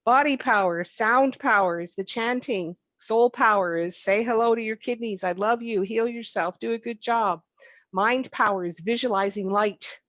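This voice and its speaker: A woman's voice: fairly high pitch, measured pace, a bit bright, no room sound, highs cut off. A woman teaching a healing practice over a video call, guiding the group through repeated soothing chants. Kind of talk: guided healing chant session.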